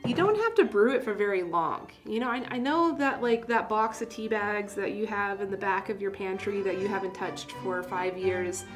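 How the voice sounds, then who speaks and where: A woman's voice: medium pitch, moderate pace, hardly any pauses. A woman hosting a casual tea livestream, chatty and self-deprecating, laughing at her own jokes. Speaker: tea seller hosting a live stream. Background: soft classical music.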